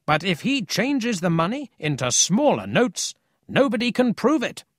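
A man's voice: sits high, big pitch swings, a little slow, no room sound, studio quality, voice pushed up, full character voice. A man voicing a bold young boy who accuses a thief in a raised voice. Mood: accusing.

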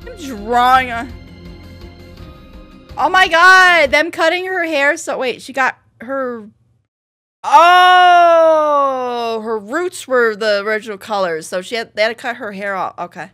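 A woman's voice: on the high side, moderate pace, bright, forceful tone, faint music behind. A young woman hosting a reaction video, chatting casually and breaking into shrieks and laughs.

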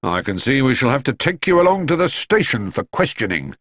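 A man's voice: mid-range voice, big pitch swings, a little fast, fairly bright tone, no room sound, clean studio sound, voice pushed up. A man voicing an official, questioning policeman in a storybook reading. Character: gruff, questioning first policeman.

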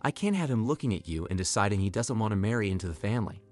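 A man's voice: on the low side, expressive, rapid-fire, soft background music, lightly acted. A man reading as a cold scheming young woman. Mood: scornful. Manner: sharp, dismissive.

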